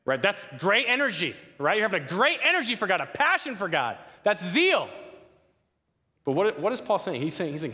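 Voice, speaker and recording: A young man preaching a sermon to a campus crowd, lively, often asking the listeners questions. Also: high-pitched, a little fast. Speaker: campus ministry speaker. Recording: long hall reverb.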